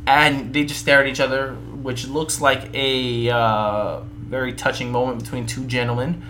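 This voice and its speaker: A man's voice: medium pitch, flat delivery, normal speed, sharp tone, slight background noise, poor audio. A young man co-hosting a casual wrestling podcast, joking and playful. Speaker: podcast co-host.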